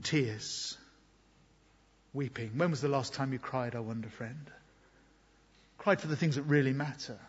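Earnest preacher, husky, in a hall. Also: male voice, medium pitch, unhurried, long pauses. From Britain. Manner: earnest, reflective, swings between loud emphasis and quiet asides. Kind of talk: sermon. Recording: long hall reverb, dull lo-fi sound.

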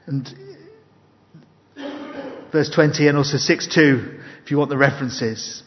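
A man preaching an evening sermon, earnest and emphatic, mixing scripture with personal stories. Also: a little high. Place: church hall. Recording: dull, long-reverb hall recording.

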